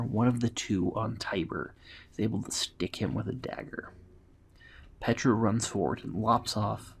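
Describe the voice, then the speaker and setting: A man's voice: on the low side, gravelly, breathy edge. A man steadily narrating a fantasy adventure story as its storyteller.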